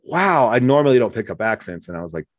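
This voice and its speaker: Talking very fast in a lowish voice with no echo, the host spins stories in casual conversation, animatedly performing other people's lines.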